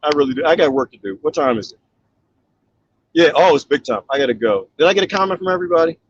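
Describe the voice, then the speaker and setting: The husky, fairly high voice of a middle-aged man moves at a quick pace through a muffled recording. He's chatting casually and reading viewer comments live, animated and laughing often, acting out quotes by mimicking voices.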